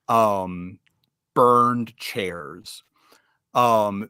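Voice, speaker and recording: Slow, halting man game master. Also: mid-range voice, fairly bright tone, clear, resonant tone, dry recording, clean studio sound. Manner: slow, halting, many fillers. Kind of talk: narrating a tabletop game.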